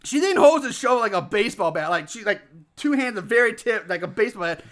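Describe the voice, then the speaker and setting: Man, high voice, bright tone, loud ranting, swearing, casual podcast chat. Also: animated, fast talker. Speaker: podcast co-host. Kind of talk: profane casual movie recap.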